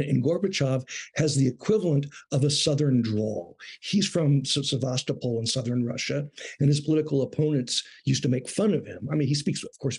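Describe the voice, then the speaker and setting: A middle-aged man, a guest on an interview show, talking in a measured, thoughtful way about his years as a foreign correspondent. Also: mid-range voice, husky. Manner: measured, thoughtful, with small restarts. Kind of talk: reflective interview talk.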